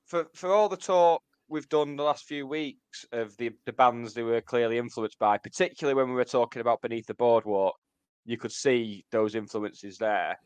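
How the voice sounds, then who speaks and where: Smooth-voiced man on a podcast. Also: mid-range voice, steady tone, normal speed, no room sound. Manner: rambling, restarts words, explains for listeners. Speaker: podcast co-host. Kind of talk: casual music podcast chat.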